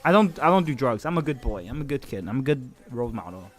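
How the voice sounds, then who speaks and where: A man casually commentating an esports match on his live stream, joking and swearing, with bursts of excited shouting. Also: mid-range voice, fast.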